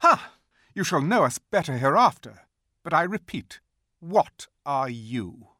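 A cold, imperious storybook queen, put on by a male reader, raised in pitch and commanding in tone. She speaks slowly and crisply, with strong swings of pitch, in a dry, close sound. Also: sing-song, bright, forceful tone, no room sound, full character voice. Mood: haughty. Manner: commanding, clipped. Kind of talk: audiobook character voice.

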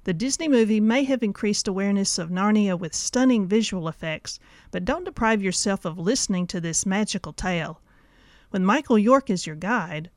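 A woman host presents a book review from a script, her delivery measured and clear. The recording is dry and close, with an even, mid pitch. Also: dry recording. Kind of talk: scripted narration.

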